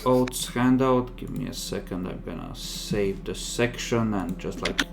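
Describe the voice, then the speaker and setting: A relaxed man with a lowish voice runs a tabletop session over voice chat, joking and swearing in an easy way. He talks slowly, and the line carries a clear hiss of background noise. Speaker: game master. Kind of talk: casual chat running a tabletop game online.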